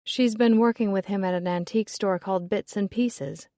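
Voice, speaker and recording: A woman's voice: mid-range voice, steady tone, moderate pace, dark tone, dry recording, studio quality, lightly acted. A woman voicing a curious American woman who presses a stranger with questions, in an American accent. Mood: probing. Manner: eager, probing.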